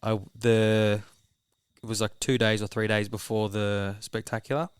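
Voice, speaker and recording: Aussie podcast host, casual yarn, swears a lot, smooth clear voice, dry room. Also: male voice, on the low side, level tone, a little slow, no echo. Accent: Australian. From Australia. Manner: blunt, swears freely. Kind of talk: casual chat.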